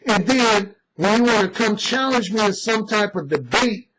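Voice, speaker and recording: Brief: male author-coach with a high voice, cocky and emphatic, swearing freely, on a noisy recording. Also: animated, normal speed, fairly bright tone. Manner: boastful, emphatic, blunt with profanity. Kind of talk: opinionated monologue.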